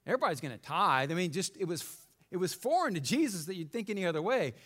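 A male pastor preaching a sermon in an animated, conversational way, joking and checking in with the congregation. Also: sits high, fast talker.

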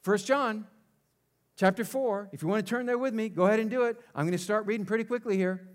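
High-voiced male pastor preaching. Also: fast talker. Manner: rhetorical questions, call-and-response with congregation. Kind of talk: sermon.

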